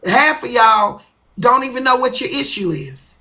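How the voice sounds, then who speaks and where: Woman livestream host, bright voice, blunt profane rant. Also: on the high side, lively intonation, a little slow.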